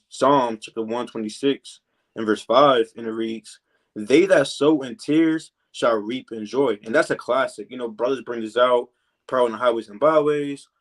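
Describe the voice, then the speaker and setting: Speaking at a medium pitch, a man gives relaxed scriptural teaching in a preaching style, dropping "you know" and "man" into his pauses. He slows down to read each verse deliberately.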